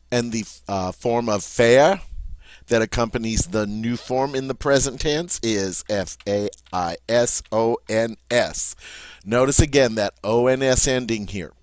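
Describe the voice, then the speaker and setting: Slow, patient male French teacher. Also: mid-range voice, no room sound. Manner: patient, spells out letters one by one. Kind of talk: recorded grammar lesson.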